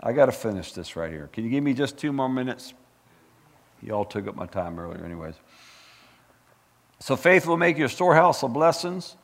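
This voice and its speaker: A man preaching a sermon as pastor, fired up and animated, full of folksy asides and repeated words. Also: medium pitch, normal speed, gravelly, long pauses, big-room sound. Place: church sanctuary.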